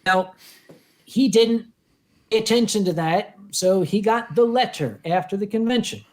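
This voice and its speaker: A man, a convention organizer, telling an anecdote on a panel and acting out the quotes with lively voices. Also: high voice, a little slow. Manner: lively storyteller who acts out the quotes.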